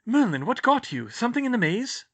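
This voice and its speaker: A woman's voice: on the high side, big pitch swings, voice pushed up. A man voicing a fussy, flustered witch who teaches and is reluctantly tending a patient in a storybook reading. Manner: fussy, brisk.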